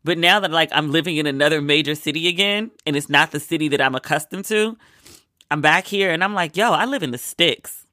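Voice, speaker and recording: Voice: medium pitch, brisk, sharp tone, no echo, studio quality. A vlogger from Maryland, sick with a cold, chatting casually and acting out what people said. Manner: chatty storyteller, acts out quoted lines.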